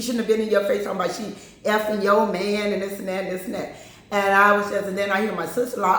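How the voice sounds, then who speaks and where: A woman's voice: mid-range voice, little pitch movement, quick pace, a bit bright. A woman host telling a personal story in a candid, blunt, casual way, acting out what other people said. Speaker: channel host. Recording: very echoey room.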